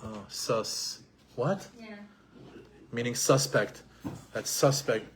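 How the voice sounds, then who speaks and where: A middle-aged man giving an animated Torah lesson, repeating himself and mixing in Hebrew terms. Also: medium pitch, slow, slight background noise. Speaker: Torah teacher.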